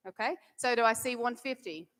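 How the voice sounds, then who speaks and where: Woman host pumping up the auction, bit high pitched, echoey hall. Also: a little fast, fairly bright tone. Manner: upbeat and encouraging, thanking donors. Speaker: event host. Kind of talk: emcee at a charity auction. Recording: reverberant event hall.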